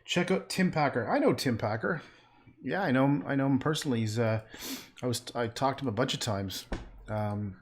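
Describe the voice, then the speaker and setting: A man painting and chatting casually on a livestream, rambling and trailing off into muttered asides. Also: medium pitch.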